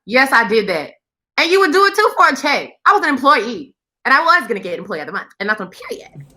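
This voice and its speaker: A man putting on a sassy, boastful high-voiced persona, speaking emphatically. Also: big pitch swings, fast, sharp tone, heavily acted.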